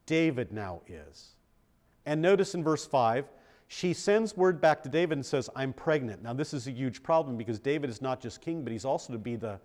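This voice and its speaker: A man's voice: fairly high pitch, darkish tone. A man, a pastor, teaching a Bible study in a conversational way, often checking in with the group and poking fun at himself. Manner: self-deprecating humor.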